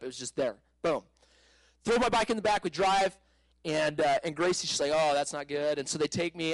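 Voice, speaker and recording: A man in his thirties preaching, telling a personal story with animated bursts of shouting and laughter. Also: a little high, dry recording, poor audio. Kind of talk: sermon testimony.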